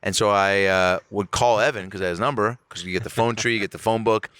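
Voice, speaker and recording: Animated, bright-voiced comedian telling stories. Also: male voice, lowish voice, fast, smooth, no room sound. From Seattle area, USA. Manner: animated, profane, acts out quotes. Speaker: guest comedian. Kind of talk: casual podcast storytelling.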